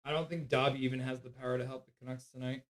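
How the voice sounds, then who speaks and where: A man hosting a live hockey stream, calling the play, reading chat and cooing at his dog in soft baby talk. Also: mid-range voice, level tone, racing. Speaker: streamer host.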